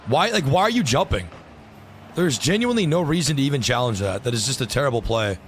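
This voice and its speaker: A man's voice: mid-range voice, lively intonation, quick pace, a little hiss or hum. A young man streaming a game live, ranting with frustration and plenty of swearing as he talks to chat.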